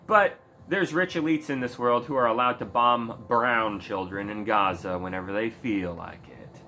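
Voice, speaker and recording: A man's voice: mid-range voice, moderate pace, few pauses, bright, forceful tone, a little hiss or hum. A man ranting in a casual commentary video, heated and sarcastic, swearing often. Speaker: video creator.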